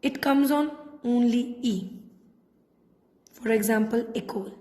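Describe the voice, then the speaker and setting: A woman teacher with an Indian English accent, giving a patient classroom lesson and repeating points slowly. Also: on the high side, dark tone. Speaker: French teacher. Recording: echoey room with long reverb.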